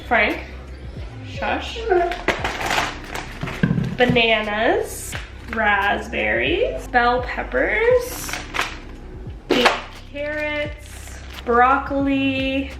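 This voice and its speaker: A woman talking casually and upbeat in a weekend vlog, with lots of fillers. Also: high-pitched. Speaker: lifestyle vlogger.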